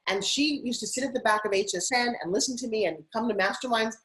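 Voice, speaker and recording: A middle-aged woman guest telling stories in an interview, animated and putting on voices now and then. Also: fairly high pitch, quick pace, rough recording. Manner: animated, acts out her kids' voices. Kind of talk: interview storytelling.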